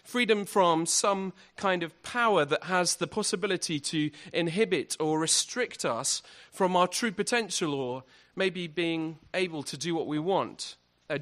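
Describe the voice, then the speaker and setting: A man's voice: a little high, a bit bright. A man giving an evangelistic talk at a university event, earnest and full of rhetorical questions. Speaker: guest speaker.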